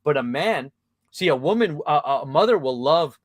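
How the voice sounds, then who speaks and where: A man's voice: on the high side, expressive, normal speed, dry recording, studio quality. A man hosting a casual podcast conversation as a men's coach, talking bluntly with emphatic, punchy delivery and frequent swearing.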